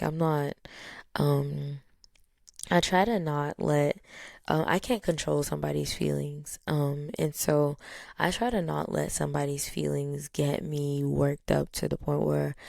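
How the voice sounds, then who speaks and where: A woman with a low voice and some vocal fry talks through her thoughts in a steady, unhurried way. Her tone hardly changes, and she fills her pauses with small fillers. The sound is dry and close. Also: dry recording. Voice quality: low, even tone. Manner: calm, steady, many fillers. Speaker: podcast host. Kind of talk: casual reflective talk.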